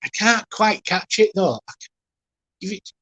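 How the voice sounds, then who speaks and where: Giving a live reading as a spiritualist medium, a man speaks gently and haltingly, often emotional, as he softly reassures the person he's addressing. His voice sits high with lively intonation, and there's no room sound.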